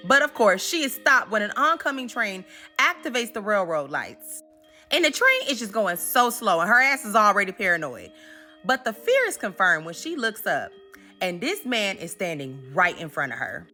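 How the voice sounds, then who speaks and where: A woman's voice: mid-range voice, very animated, normal speed, bright, forceful tone, soft background music. A woman giving a casual comedic recap, sassy and slangy, talking straight to her viewers.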